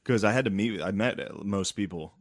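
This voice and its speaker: Low-voiced crude laughing young man. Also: no echo, clean studio sound. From Central Pennsylvania. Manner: crude, laughing, mimics people in quick put-on voices. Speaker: comedian podcast co-host. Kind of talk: casual podcast banter.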